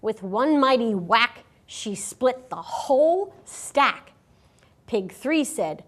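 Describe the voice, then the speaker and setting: A woman reading a picture book aloud to children at a school, expressive and animated. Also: mid-range voice, slow, gravelly. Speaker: storyteller.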